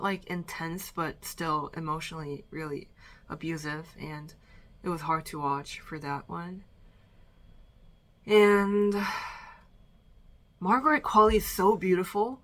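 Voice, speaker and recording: A young woman vlogger ranks movies she's watched in a casual chat from her bedroom, a little out of breath. Her lowish voice is a bit bright, and she rambles chattily with fillers and trailing restarts.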